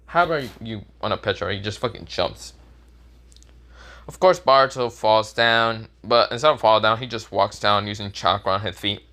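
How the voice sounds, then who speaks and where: A man's voice: on the low side, a bit bright. A young man telling an improvised fan-fiction story, rambling with lots of fillers and frequent swearing.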